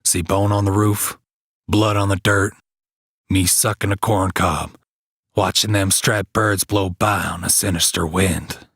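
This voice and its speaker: A man's voice: sits low, fairly even intonation, measured pace, a bit bright, husky, no room sound. A man narrating a first-person story in clipped, broken backwoods grammar, recorded close on a dry mic. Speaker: author and reader.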